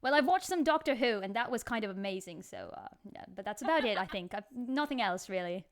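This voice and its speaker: A woman's voice: fairly high pitch, animated, fairly quick. A woman putting on a shaky British accent, laughing as she talks. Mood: playful. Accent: put-on British. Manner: giggly, breaks into laughter.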